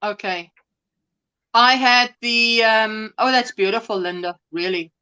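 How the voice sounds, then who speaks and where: A woman's voice: fairly high pitch, measured pace, bright, forceful tone, smooth, highs cut off. A woman co-hosting a casual knitting chat, enthusiastic and given to repeating herself. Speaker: co-host.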